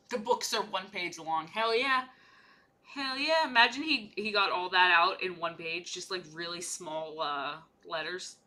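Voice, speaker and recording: A woman's voice: lowish voice, unhurried, sharp tone. A young woman chatting casually and playfully while she paints miniatures on a livestream, rambling from one joke to the next.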